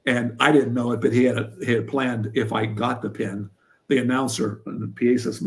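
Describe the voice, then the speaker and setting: A former wrestler and coach, appearing as an interview guest, tells a funny story with animation, laughing through the punchlines. He speaks at a medium pitch and a fairly quick pace.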